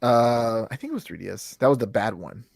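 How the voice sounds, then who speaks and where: Male podcast co-host, lively jokey rambler, dry close sound. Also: medium pitch, brisk, gravelly, dry recording. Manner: rambling, jokey, swears, does silly voices. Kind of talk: casual chat about video games.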